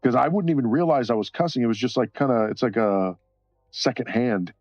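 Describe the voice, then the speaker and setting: A man's voice: medium pitch, fairly quick, a little mellow, dry recording, muffled recording, faint music behind. A man chatting casually on a live stream while coloring, rambling and cursing freely between short laughs.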